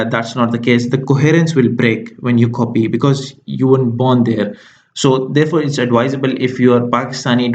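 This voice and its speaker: A man's voice: medium pitch, a little mellow, highs cut off. A man explaining exam tips as a tutor, talking through each step with frequent ums and uhs.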